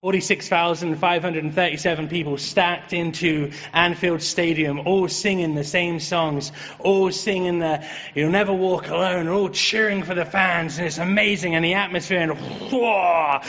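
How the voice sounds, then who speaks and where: An English man giving a chatty, lively sermon as a preacher, joking with the congregation. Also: high-pitched, moderate pace. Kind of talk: conversational sermon. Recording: dull, reverberant hall sound.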